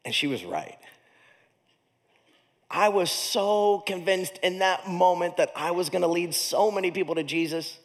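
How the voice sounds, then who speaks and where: Telling a story from the pulpit, this male pastor speaks a little slowly in a high, spirited voice that rises sharply and falls low. His funny, animated storytelling sermon varies greatly in volume and resounds with a long echo in a large hall.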